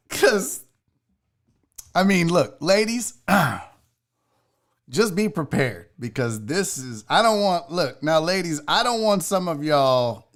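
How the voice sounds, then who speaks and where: A man in his forties hosting a podcast and telling a comedic story, animated and profane, swinging from loud bursts to low asides. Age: 40s. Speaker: podcast host. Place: seated in a chair.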